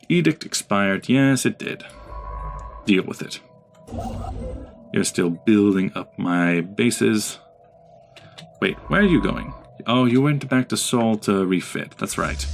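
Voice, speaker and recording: Man, let's play host, chatty commentary, talks to his ships, low voice, game music under. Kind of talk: casual gameplay commentary.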